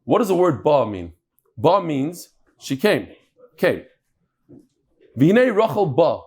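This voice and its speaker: A man leads a live Talmud class with a slightly high voice that swoops up and down. He banters with his listeners and drops Yiddish and Hebrew words into his explanations. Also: big pitch swings, slow pace, darkish tone, husky. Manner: mixes Yiddish and Hebrew terms into his talk. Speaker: Talmud teacher.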